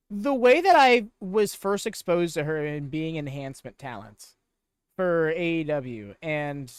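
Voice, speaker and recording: A man's voice: a little high, clean tone, no echo. A man hosting a live wrestling watchalong stream, chatting casually and answering viewers in chat. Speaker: watchalong host.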